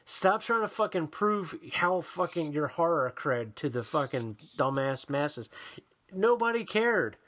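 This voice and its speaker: A man's voice: a little high, sing-song, a little slow, fairly bright tone. A man co-hosting a podcast in casual, profane chat, ranting and mocking people in put-on voices. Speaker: podcast co-host.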